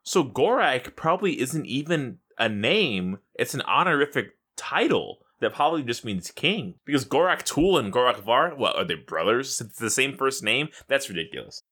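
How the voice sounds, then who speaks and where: A man co-hosting a casual gaming podcast, excitable and laughing often, swearing freely. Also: medium pitch, normal speed, hardly any pauses, husky. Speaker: podcast co-host.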